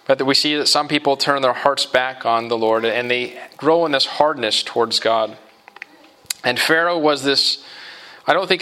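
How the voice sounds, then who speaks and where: A male pastor delivering a sermon with a bright, forward voice. He talks to the congregation in a relaxed, conversational way and keeps tossing in "right?" to draw them along. His pitch sits right in the middle for a man. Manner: conversational, often asks "right?" of listeners. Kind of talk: expository sermon.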